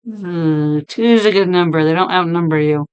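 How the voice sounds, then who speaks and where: Woman, streamer, hoarse sick voice, low pitch, smooth tone, chatty and laughing. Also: normal speed, darkish tone, muffled recording. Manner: chatty, laughing, talks to chat by name. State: losing her voice, deep sick voice. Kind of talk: casual chat reading stream chat.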